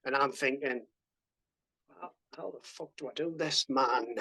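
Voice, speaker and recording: A man's voice: mid-range voice, a little slow, bright, forceful tone, slightly rough, rough recording. A man, a podcast guest telling a story casually, swearing freely and acting out what people said in a raised voice. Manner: swears freely, acts out quoted dialogue in a raised voice. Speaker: podcast guest, army veteran.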